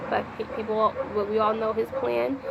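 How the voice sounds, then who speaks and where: A woman with a gravelly voice tells a personal story in a loose, rambling vlog. She repeats herself and breaks off to speak to the Lord. Clear background noise runs under the recording. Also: a little high, little pitch movement, normal speed. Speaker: vlogger.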